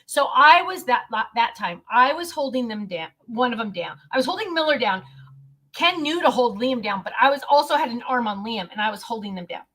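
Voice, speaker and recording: Bright, lively woman telling a story. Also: fairly high pitch, brisk. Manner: animated, laughing, acts out family voices. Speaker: vlogger. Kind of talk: casual storytelling vlog.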